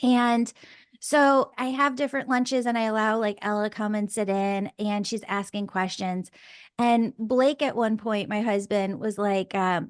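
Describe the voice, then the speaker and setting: A woman's voice: medium pitch, steady tone, unhurried, smooth, dry recording, studio quality. A woman hosting a podcast and telling a story in a casual, gushing way, full of fillers like "like" and "oh my God.". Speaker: podcast host.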